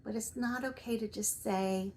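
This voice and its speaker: A woman giving reflective personal narration in a soft, measured way, at times dropping to a whisper. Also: on the high side, fairly even intonation, slight background noise. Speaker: vlogger.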